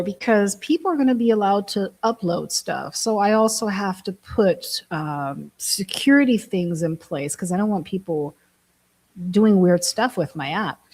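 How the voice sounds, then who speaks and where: Chatty, breathy woman from Germany. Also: mid-range voice, a little mellow, rough recording. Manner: chatty, laughs often, self-mocking. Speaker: vlogger, app builder. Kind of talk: casual chat to camera.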